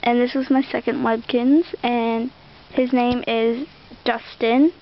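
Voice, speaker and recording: A woman's voice: fairly high pitch, little pitch movement, slow, dull audio, slight background noise. Chatty girl rambling through a show-and-tell. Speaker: vlogger showing a toy collection. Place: outdoors.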